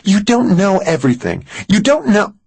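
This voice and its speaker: A man voicing a frightened clairvoyant woman who speaks high and strained, pleading in an audiobook. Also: big pitch swings, unhurried, a little mellow, husky, no echo, heavily acted. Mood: frantic.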